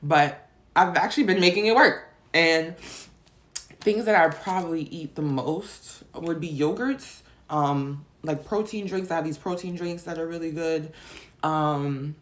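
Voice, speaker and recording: A woman's voice: low voice, a little slow. Tearful woman rambling in a vlog. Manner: rambling, many fillers and restarts. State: tearful, emotional. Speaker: vlogger. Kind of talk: personal confessional vlog.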